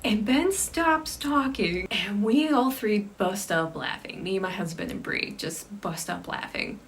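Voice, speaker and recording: Woman host for a laid-back storytime vlog. She is lively and drops into hushed asides, and the mic sits a bit distant with faint noise. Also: mid-range voice, measured pace. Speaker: cosplayer hosting a chat show. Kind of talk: casual storytelling chat.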